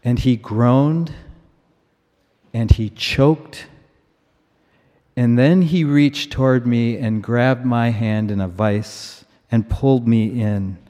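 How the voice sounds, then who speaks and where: Slow, measured male preacher in reverb. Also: medium pitch, dark tone. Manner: slow, measured, emphatic repetition. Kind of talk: sermon. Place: church. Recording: long reverb of a large church.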